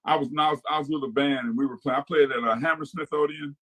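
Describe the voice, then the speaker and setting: A man's voice: on the high side, steady tone, fast talker, fairly bright tone, rough recording. An older man, a former touring musician, telling stories easygoing and hesitantly, with frequent restarts. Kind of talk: casual conversation.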